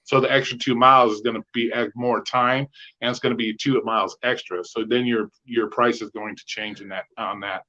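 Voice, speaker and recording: A man's voice: medium pitch, fairly even intonation, brisk, pushed and bright. A man in loose podcast chat, telling stories in a mid-range voice and swearing freely as he acts out the back-and-forth of arguments. The audio sounds slightly dull and lo-fi. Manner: profane storyteller who acts out both sides of quoted arguments. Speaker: podcast co-host. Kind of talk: casual chat.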